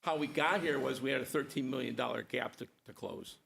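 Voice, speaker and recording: A man's voice: medium pitch, a little fast, vocal fry, fairly bright tone, a little hiss or hum. A man on a school board arguing his point at a public meeting, emphatic and repetitive, stacking points one after another.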